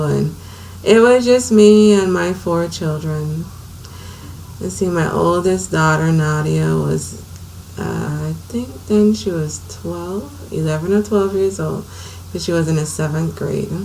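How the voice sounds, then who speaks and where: Storyteller woman, thirties, earnest and chatty, lowish voice, faint hum behind. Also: gravelly, low-quality recording. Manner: earnest, conversational, drifts softer at times. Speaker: vlogger telling her life story. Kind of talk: personal storytelling to camera.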